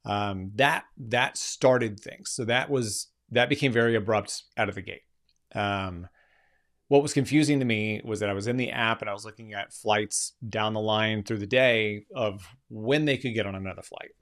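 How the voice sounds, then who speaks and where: A man's voice: on the low side, moderate pace, fairly bright tone. A man, a keynote speaker and coach, telling a story in an impromptu live session, earnest and emphatic, often restarting phrases.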